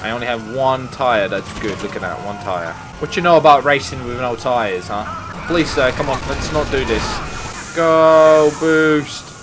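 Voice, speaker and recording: A young man giving casual, excitable gameplay commentary, swearing and trash-talking other players. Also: medium pitch, unhurried, background noise.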